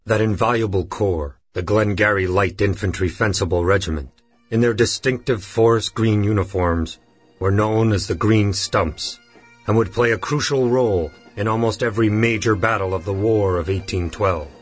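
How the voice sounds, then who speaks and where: A man reading his voice demo, with punchy commercial announcing and a steady narration. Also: on the low side, normal speed, slightly rough, no echo, faint music behind. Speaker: voice actor demo reel.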